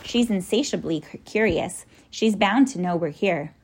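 A woman voicing a kindly, eccentric old male professor who coaxes and explains gently in a storybook reading, with a gravelly edge. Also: lowish voice, moderate pace. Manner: gentle, coaxing, excitable.

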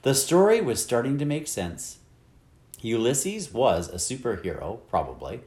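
Expressive male audiobook narrator. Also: mid-range voice, unhurried, roomy sound. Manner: expressive, wide-ranging storytelling. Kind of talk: scripted narration.

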